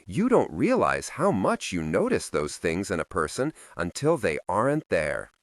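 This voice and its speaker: A man narrates an audiobook in a low, unhurried voice. His pitch rises and falls dramatically as he tells the story. The sound is dry and close to the mic. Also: no echo. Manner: slow, expressive storytelling.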